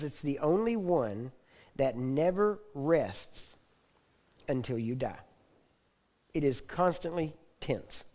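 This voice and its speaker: A man's voice: fairly high pitch, dark tone. A middle-aged man with a Texan accent, teaching a session in a conversational, joking manner and often checking in with the listeners. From Texas. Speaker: ministry teacher.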